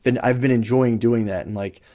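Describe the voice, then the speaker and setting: A young man chatting on a podcast, rambling through long loose explanations. He restarts his sentences often, swears casually and keeps his pitch at an ordinary middle level. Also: fairly quick, dark tone. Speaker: podcast co-host. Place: podcast studio.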